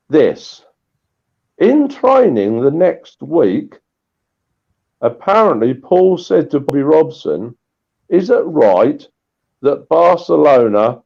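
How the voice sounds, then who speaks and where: A man swapping old anecdotes in a casual chat, animated and full of restarts. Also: on the high side, slow, vocal fry, pauses often, muffled recording. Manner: animated storytelling with repeated restarts. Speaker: guest storyteller.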